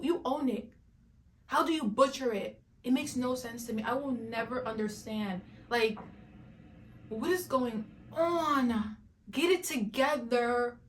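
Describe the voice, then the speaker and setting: A woman reviewing a cartoon reboot in an animated rant, dramatic and emphatic, repeating lines for effect. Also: fairly high pitch. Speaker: YouTube reviewer.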